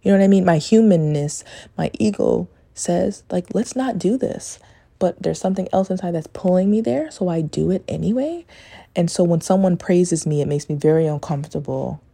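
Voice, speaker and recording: A woman with a low, mellow voice talks in a hushed, candid monologue. She rambles, swears freely and keeps her voice down as she hosts her own show. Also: brisk, gravelly. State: talking low to stay quiet. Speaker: podcast host. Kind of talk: casual confessional monologue.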